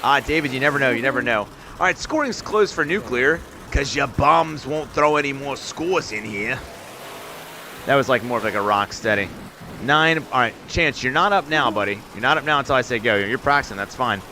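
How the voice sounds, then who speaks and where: Upbeat male streamer, bright voice, talks to chat and calls the action. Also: mid-range voice, lively intonation, a little fast, a little hiss or hum. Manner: chatty, upbeat, talks straight to viewers in chat. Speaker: live-stream host and game commentator. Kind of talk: live-stream chat and play-by-play commentary.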